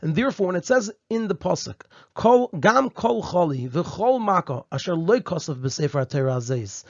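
High-voiced man teaching a Torah text. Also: dry recording, highs cut off. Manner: methodical, repeats key phrases for emphasis; uses Hebrew and Yiddish terms in Ashkenazi pronunciation. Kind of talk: explaining a Torah text line by line.

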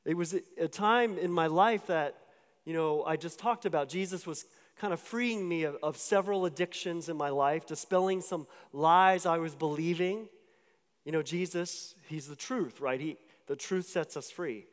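Delivering his testimony sermon at a moderate pace, this pastor speaks on the high side and tells his story casually, restarting often and using fillers along the way. The hall adds a long reverb.

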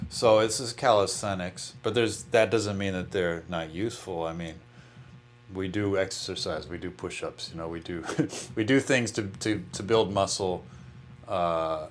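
A low-voiced guitarist explains his practice approach in a relaxed interview, slight background noise audible behind him. He talks loosely, restarting and using "you know" frequently.

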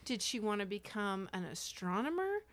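A woman co-host in casual podcast chat. Her pitch sits in the middle, and she rambles, trailing into hedges as she thinks aloud about a film. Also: big pitch swings, normal speed, a bit bright. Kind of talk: casual movie-review chat.

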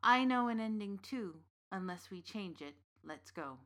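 A woman reading the part of a big, gently knowing uncle from the fairy realm in an audiobook story. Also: mid-range voice, expressive, unhurried. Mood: calm. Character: big warm Irish uncle, old fairy king's son.

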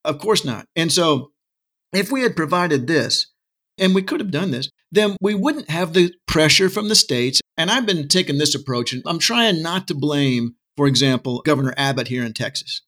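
A man's voice: a little high, expressive, normal speed, pushed and bright. A middle-aged man talking with passion as an interview guest, arguing his case with asides and rhetorical questions. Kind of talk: casual interview talk. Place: Texas.

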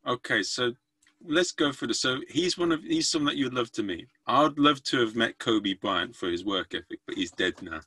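A man's voice: mid-range voice, animated, moderate pace, sharp tone, husky, no room sound. A man hosting a casual podcast chat, who often restarts his sentences and searches for words. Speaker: podcast host.

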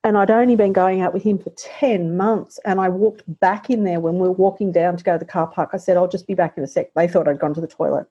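A middle-aged woman with a somewhat low, husky voice shares a personal story in an interview. Her tone is mellow and soft-edged. She speaks haltingly and reflectively, often pausing and restarting. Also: fairly even intonation, lo-fi sound. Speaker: guest.

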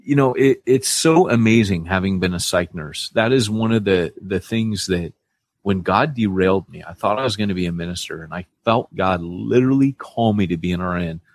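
A man's voice: normal speed, dry recording. A man co-hosting a podcast in casual chat, telling stories animatedly and acting out other people in a raised voice. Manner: animated storyteller, acts out quoted people in a high voice. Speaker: podcast co-host, church planter.

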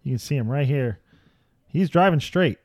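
A man's voice: medium pitch, lively intonation, normal speed, a little mellow, no room sound, clean studio sound. A man co-hosting a casual podcast, reading news items aloud with jokes and narrating a video as he watches. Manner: reads news aloud, jokey, narrates what is on screen. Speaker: podcast co-host. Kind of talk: casual chat. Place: podcast studio.

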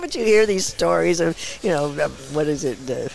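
Animated older woman telling stories. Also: low voice, a little fast, creaky, shouting, heavy background noise. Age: 70s. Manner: lively storyteller who acts out quoted voices, laughs often. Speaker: guest actress and director. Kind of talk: casual interview storytelling. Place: small bar.

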